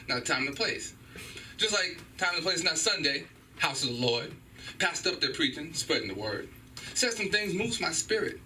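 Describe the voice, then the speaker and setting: A middle-aged man doing a stand-up set in a small comedy club, animated and profane as he acts out loud voices. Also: a little high, moderate pace, recorded from a distance, a little hiss or hum, rough recording. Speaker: stand-up comedian at an open mic.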